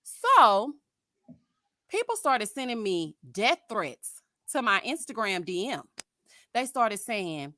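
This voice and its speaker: A woman's voice: medium pitch, sing-song, measured pace, pushed and bright, no room sound, studio quality. A sassy woman from Houston with a Southern twang, in her late thirties or around forty, ranting to her viewers and calling them honey and child. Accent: Southern US, Texas. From Houston, Texas. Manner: sassy, dramatic, calls listeners honey and child. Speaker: YouTube commentary host. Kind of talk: animated casual rant.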